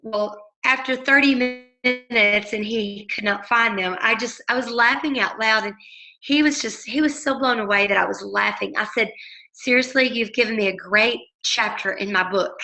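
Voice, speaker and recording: A woman with a bright, slightly high voice chatting through a weekly book discussion. She tells stories casually and animates her voice for every quote. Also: moderate pace, low-quality recording. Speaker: book study group leader.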